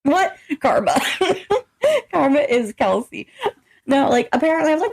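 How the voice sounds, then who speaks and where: A woman's voice: high-pitched, very animated, a little slow, long pauses, a little mellow. A young woman co-hosting a podcast in casual chat, blunt and swearing freely as she acts out quoted exchanges. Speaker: podcast co-host.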